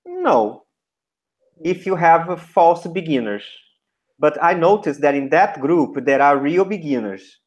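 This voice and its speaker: A man coaching a new teacher. His pitch swings a lot as he acts out classroom commands, and he speaks slowly, in short deliberate chunks. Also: very animated, dull audio. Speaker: teacher trainer. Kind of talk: teaching feedback session.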